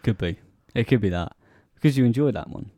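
A man's voice: mid-range voice, expressive, brisk, dark tone, no echo, studio quality. A man in casual chat, laid-back, giving short replies with hesitant fillers.

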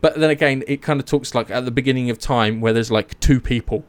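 A young man casually retelling myths, animated, swearing and acting out the characters' lines. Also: medium pitch, fairly quick. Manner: animated storytelling, swears, acts out quotes. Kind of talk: casual chat.

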